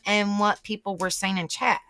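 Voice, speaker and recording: Bright chatty woman streamer. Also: mid-range voice, level tone, moderate pace. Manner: chatty and rambling, reacts aloud while reading chat. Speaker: livestream host. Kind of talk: casual chat to live viewers.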